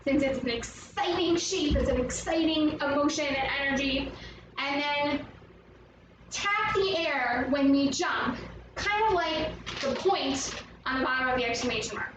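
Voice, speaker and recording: Upbeat high-voiced woman leading kids' movement. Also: background noise. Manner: upbeat, encouraging, explains step by step. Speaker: movement teacher for children. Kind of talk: guided movement lesson for kids. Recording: echoey room, mic at a distance, music playing.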